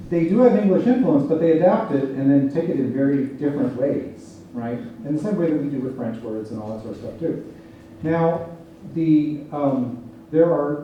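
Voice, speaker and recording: A man's voice: mid-range voice, lo-fi sound. A man giving a lecture and answering audience questions, explaining points and asking "right?" as he goes. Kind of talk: public lecture Q&A. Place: lecture hall. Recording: echoey hall, distant mic, faint noise.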